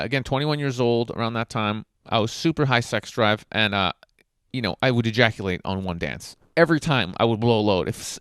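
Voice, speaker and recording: A man's voice: medium pitch, a bit bright, smooth, no echo, clean studio sound. A man telling candid, self-mocking dating stories in a casual monologue, swearing and using lots of fillers.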